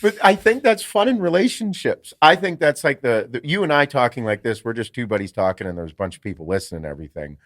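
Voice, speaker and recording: A man's voice: medium pitch, expressive, fast, hardly any pauses, a bit bright, no room sound, clean studio sound. A man co-hosting a podcast in casual chat, joking and rambling with plenty of profanity. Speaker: podcast co-host.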